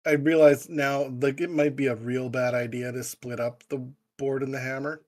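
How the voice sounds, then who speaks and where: A man's voice: medium pitch, level tone, moderate pace, a little mellow. A man chatting easygoingly on a video call, thinking aloud. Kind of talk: casual chat between game sessions. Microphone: video call mic.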